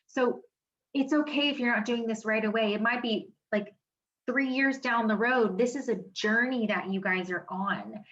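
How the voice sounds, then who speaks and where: A woman's voice: a little high, moderate pace, a bit bright, dull audio, slight background noise. A woman giving a casual wellness seminar from her home office, chatty and emphatic, with many fillers. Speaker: wellness educator.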